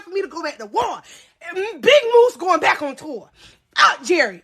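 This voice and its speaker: A young woman telling a story live to viewers in a casual, animated way, swearing, laughing often and calling her audience y'all. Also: extremely high pitch, normal speed.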